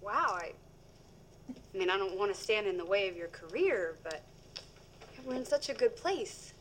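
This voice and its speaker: A woman's voice: medium pitch, lively intonation, moderate pace, natural voice, poor audio. An actress playing a flustered, anxious young girlfriend in a sitcom. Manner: anxious, incredulous. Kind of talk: sitcom acting. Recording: TV clip with background noise.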